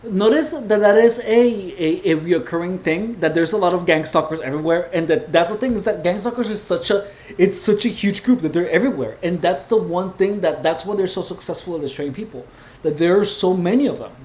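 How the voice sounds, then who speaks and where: Low-voiced woman hosting a livestream. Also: a little fast, darkish tone. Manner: reads chat aloud and greets viewers. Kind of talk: casual livestream chat.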